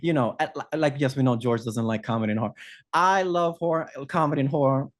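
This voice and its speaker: A man's voice: mid-range voice, fast talker. Campy guy dishing on horror movies, lots of honey and girl. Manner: campy, sassy, calls people honey. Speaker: podcast co-host. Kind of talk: casual group chat.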